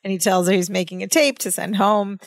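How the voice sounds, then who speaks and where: A woman's voice: mid-range voice, a little fast, dry recording. A woman co-hosting a podcast, casually retelling a sitcom scene and laughing as she quotes lines. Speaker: podcast co-host. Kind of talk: casual recap chat.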